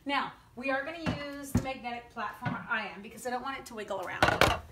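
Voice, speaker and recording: A woman's voice: fairly high pitch, fast talker, heavy background noise. A middle-aged woman demonstrating card making, chatting with viewers in a giddy, self-teasing way. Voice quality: sings little la-la runs between steps. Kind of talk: live crafting demo chat.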